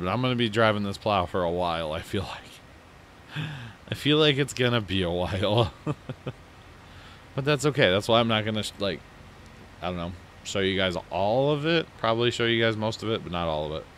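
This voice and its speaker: A man with a low voice talks through his farming game in a loose, rambling way, poking fun at his own slips. He sounds drowsy after a big lunch, and a faint hum of game machinery runs underneath. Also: a bit bright. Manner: rambling, self-mocking, yawning. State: sleepy. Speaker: let's play host. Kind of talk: casual gameplay commentary.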